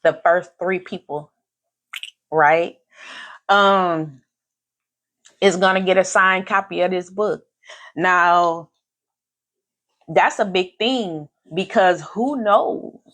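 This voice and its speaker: This woman speaks slowly with frequent pauses, her fairly low voice carrying a fairly bright tone. Hosting a live podcast in casual conversation, she's effusive, grateful, and faith-filled, repeating phrases to emphasize them.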